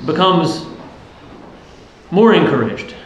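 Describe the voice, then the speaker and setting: A man's voice: a little high, sing-song, slow. A man preaching a sermon as a priest, earnest and explanatory, often asking the listeners questions. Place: church. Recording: very echoey church with faint noise.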